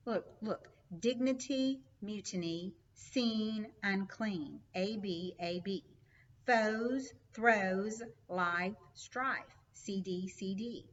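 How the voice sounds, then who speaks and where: A woman's voice: medium pitch, slow, far from the mic, lo-fi sound. A woman teacher giving a recorded lesson, reading verse aloud with rising emphasis and then explaining it in plain words.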